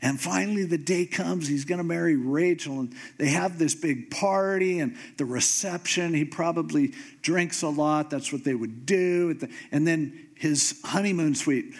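A man preaching a sermon, telling a story in a comic way and acting out the characters with sudden jumps in pitch. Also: moderate pace, few pauses. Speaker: pastor.

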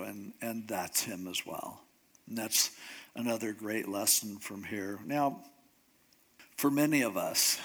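A man's voice: mid-range voice, a bit bright. A man preaching a sermon in an earnest, conversational way, sometimes acting out quotes. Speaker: pastor.

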